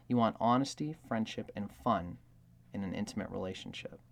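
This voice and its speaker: A man's voice: mid-range voice, vocal fry. A man hosting an astrology video, talking in a casual, rambling way with many filler words and acting out quoted lines. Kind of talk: casual explanatory monologue.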